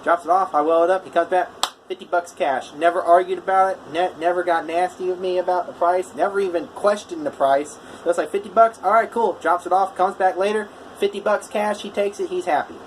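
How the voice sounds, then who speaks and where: A man's voice: sits high, fairly even intonation, fairly quick, slight background noise, poor audio. A man, a welder, casually telling a story in a vlog, rambling with lots of fillers and restarts. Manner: rambling, full of "you know" and "I was like".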